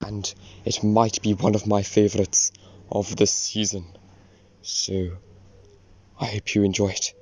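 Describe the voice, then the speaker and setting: A man with a hoarse voice from illness speaks politely and formally in a recorded voice message. He pauses to hesitate, and his pitch sits a bit low. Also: flat delivery, darkish tone. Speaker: listener sending an audio clip.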